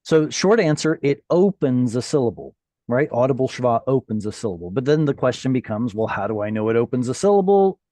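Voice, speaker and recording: A man's voice: mid-range voice, big pitch swings, fairly quick, mellow, dry recording. A man teaching a Hebrew class over a video call, patiently explaining and quizzing his students.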